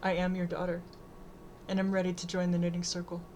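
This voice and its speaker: A woman's voice: fairly low pitch, completely flat delivery, quick pace, a little mellow, a little hiss or hum, lightly acted. Woman reading as a shaky, tearful teenage girl. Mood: resolved. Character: teenage girl, shaken and upset.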